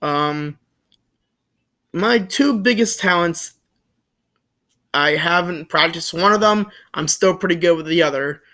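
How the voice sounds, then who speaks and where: A young man casually telling a story to the camera, rambling with lots of fillers and restarts, joking and animated. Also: fairly high pitch, takes it slowly, pauses often. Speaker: vlogger.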